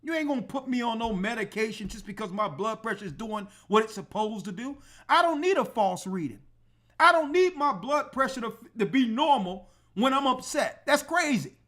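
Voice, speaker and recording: Speaking at a normal pace in an extremely high pitch, this church elder and show host recounts something from his own life. He's animated and emphatic, performing the dialogue of the people involved.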